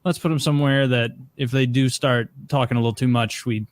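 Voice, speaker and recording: A man's voice: medium pitch, fairly even intonation, fairly quick, no room sound. A man co-hosting a podcast, chatting in an easygoing way. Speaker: podcast co-host. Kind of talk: casual podcast chat.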